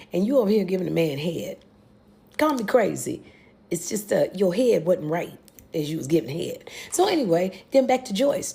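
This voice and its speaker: A young American woman recapping a TV series in a casual, animated way, with exclamations and blunt asides. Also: medium pitch, gravelly. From United States. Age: young adult. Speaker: reaction video host.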